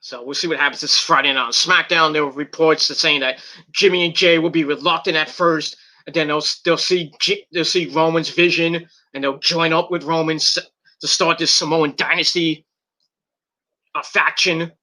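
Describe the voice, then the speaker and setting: A man's voice: a little high, steady tone, normal speed, bright, forceful tone. A man recapping and reviewing a wrestling event in a casual, rambling way, with lots of fillers, restarts and swearing.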